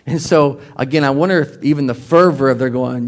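Man preaching a relaxed, lively sermon. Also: mid-range voice, quick pace. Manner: animated, relaxed preaching with rhetorical questions. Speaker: pastor. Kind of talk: conversational sermon.

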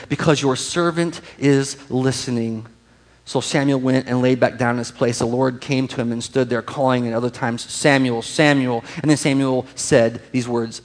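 Man, pastor, sermon, animated storytelling, acted-out quotes, hushed moments. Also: mid-range voice, big-room sound, rough recording. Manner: animated storytelling, acts out quoted voices, drops to soft hushed tones.

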